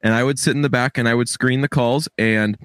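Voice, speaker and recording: A man's voice: medium pitch, steady tone, fairly bright tone, clear, resonant tone, no room sound, clean studio sound. A man with a Boston accent co-hosting a casual podcast, joking and swearing freely as he chats with a friend who is recording from elsewhere. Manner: joking, profane, quick to laugh. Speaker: podcast co-host. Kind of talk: casual chat. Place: remote from co-host.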